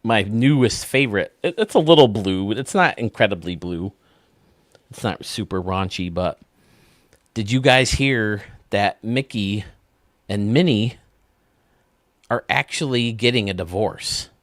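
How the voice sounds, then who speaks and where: A male host telling jokes in a casual, chatty way, laughing at his own punchlines. His voice sits lower but moves a lot in pitch. The sound is dry and close. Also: expressive, measured pace, pauses often, no room sound. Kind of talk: casual joke-telling chat.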